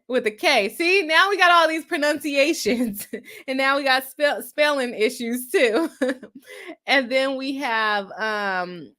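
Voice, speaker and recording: Young female lawyer-host, chatty livestream reading comments, bright tone, self-deprecating laughs. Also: high voice, lively intonation, slow.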